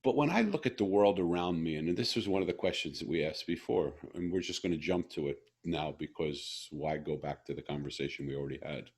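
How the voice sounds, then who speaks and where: A man's voice: rumbling low, a little fast, few pauses, a little mellow, breathy edge. A middle-aged man hosting a heartfelt interview, telling stories earnestly and often restarting his sentences. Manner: earnest, emotional storyteller with frequent restarts. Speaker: podcast host.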